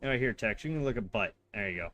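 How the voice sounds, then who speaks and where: A man's voice: lowish voice, animated, very fast, pushed and bright, soft background music. A man streaming a game, chatting casually, teasing his chat and laughing often. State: yawning, a little dry-mouthed. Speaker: livestreamer playing a game. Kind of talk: casual gameplay commentary.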